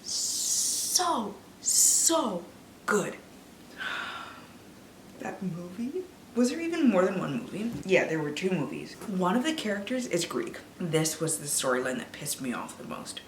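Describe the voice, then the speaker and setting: A young woman in her twenties, a book vlogger, ranting casually about films in an animated, swearing way while a little tipsy. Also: fairly low pitch, slow pace, a little hiss or hum. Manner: animated, swearing, drops to whispers. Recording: echoey room, mic a bit distant.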